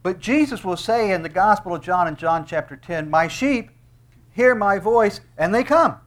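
Male preacher, high voice, emphatic, verse-by-verse sermon, middle-aged. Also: animated, moderate pace, fairly bright tone. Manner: emphatic, rising on quoted verses. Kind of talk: expository sermon.

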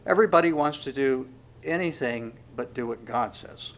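A man preaching an expository sermon, reading scripture verses and pressing them home emphatically, rising loud on the quotes. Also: medium pitch, moderate pace.

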